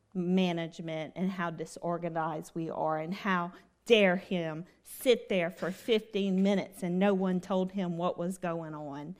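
A woman's voice: fairly low pitch, a little mellow. A woman giving a devotional talk. She tells a personal story, stresses her points through repetition, and asks her listeners questions. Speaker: lay speaker at a devotional.

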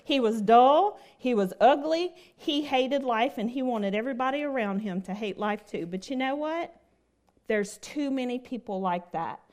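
A woman's voice: fairly high pitch, animated, normal speed, a little mellow. A woman giving a devotional talk. She tells a personal story, stresses her points through repetition, and asks her listeners questions. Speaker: lay speaker at a devotional.

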